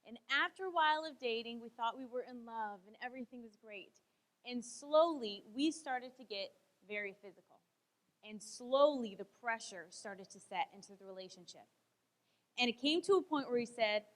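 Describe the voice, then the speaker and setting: A woman's voice: a little high, moderate pace. A young woman giving an earnest personal testimony as a guest speaker. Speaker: guest speaker, his wife.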